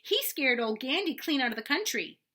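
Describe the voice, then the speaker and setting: A woman voicing an excitable young farm girl who shouts and wails. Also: normal speed, exaggerated voice. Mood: tattling. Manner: shrill, shouting and wailing.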